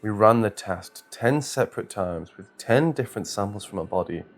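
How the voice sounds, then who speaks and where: A man's voice: fairly low pitch, expressive, moderate pace, faint music behind. A man voicing a frightened male doctor who stumbles and stutters over his words in a horror story reading. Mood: scared, strained. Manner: stuttering, strained. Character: shaken male doctor, stammering and scared.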